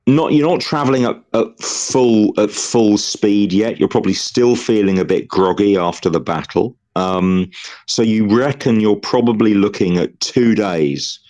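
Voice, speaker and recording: Game master, male, deep register, unhurried narration with many ums. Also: darkish tone. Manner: measured, with frequent ums.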